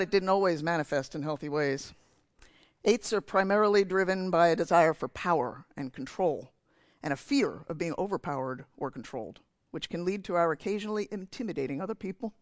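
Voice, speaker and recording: High-voiced man preaching a sermon. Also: no echo. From New Jersey. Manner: candid, self-mocking storytelling. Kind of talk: sermon with personal story. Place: church.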